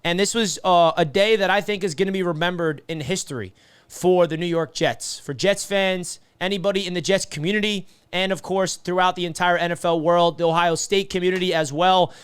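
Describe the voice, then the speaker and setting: A man hosting a sports fan channel, giving an emotional recap vlog in an earnest, passionate way, speaking in rushes and repeating himself. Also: sits high, fairly even intonation, smooth. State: emotional, grieving.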